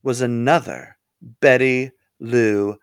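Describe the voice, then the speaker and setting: A man narrating a comic story in a lively, playful way. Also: medium pitch, takes it slowly, smooth, no room sound.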